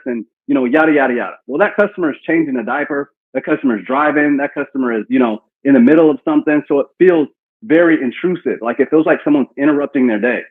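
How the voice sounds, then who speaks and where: A man with a husky, mid-range voice talks fast while running a live sales training session, coaching his team on cold-call lines and acting out sample phone conversations. The audio is tinny, like a phone call.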